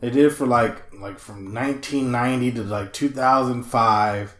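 A man's voice: mid-range voice, normal speed. A man co-hosting a casual comedic podcast, telling stories and acting out what people said, swearing and laughing a lot. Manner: animated storyteller, acts out quotes, swears, laughs often. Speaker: podcast co-host. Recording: echoey room.

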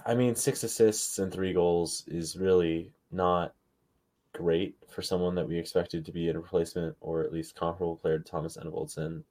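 A man's voice: sits low, mellow. A man co-hosting a casual sports podcast over a call, sarcastic and joking in a mock-exasperated way. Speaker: podcast co-host.

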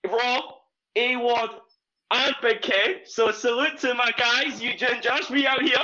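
A man with a Scottish accent chatting loudly on a live stream, laughing and swearing. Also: extremely high pitch, steady tone, measured pace, highs cut off. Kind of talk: casual banter. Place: home room.

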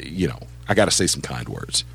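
Animated, chatty man on sports radio. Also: a bass voice, fairly quick, gravelly, breathy edge. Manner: animated, self-deprecating, chatty. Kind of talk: casual sports radio banter.

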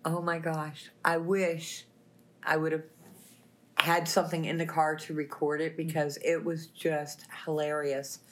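A woman, a talk show guest, telling a lively story full of quoted dialogue in a plainspoken way. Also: low voice, unhurried. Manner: animated, laughing, plainspoken retelling.

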